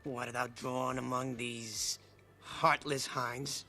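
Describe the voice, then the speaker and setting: Tybalt, a slow, menacing swordsman. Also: little pitch movement, bright, forceful tone, soft background music. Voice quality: slow, low, threatening delivery. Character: menacing young male swordsman, hateful. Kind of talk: Shakespearean film dialogue. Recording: film audio heard from far off.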